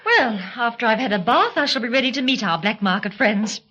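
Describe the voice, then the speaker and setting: A teasing young woman on a spy mission in a vintage radio drama. Her lively voice sits fairly high with an animated swing, bright and a touch husky. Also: fairly quick, highs cut off. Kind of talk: 1940s radio acting.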